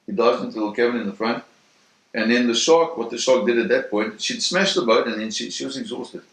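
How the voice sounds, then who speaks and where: A man in an interview telling a first-hand story in a vivid, animated way, acting out the sounds and voices. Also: mid-range voice, brisk. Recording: roomy echo.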